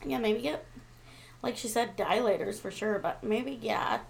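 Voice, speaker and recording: A woman's voice: fairly high pitch, unhurried, vocal fry. A woman co-hosting a casual podcast, laughing often as she chats and reads listener letters aloud. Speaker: podcast co-host. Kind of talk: casual chat.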